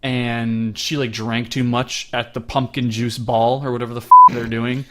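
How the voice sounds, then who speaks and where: A man's voice: mid-range voice, moderate pace, very noisy. A young man co-hosting a casual movie review podcast, rambling and laughing as he talks. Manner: rambling, laughing, animated impressions. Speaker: podcast co-host.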